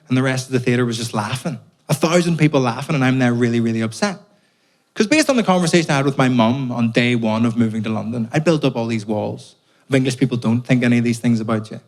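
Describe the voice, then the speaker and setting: A man's voice: mid-range voice, fast talker. A young Irish man performing a stand-up comedy set, telling stories with punchy asides and swearing. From Ireland. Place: theatre stage before a live audience.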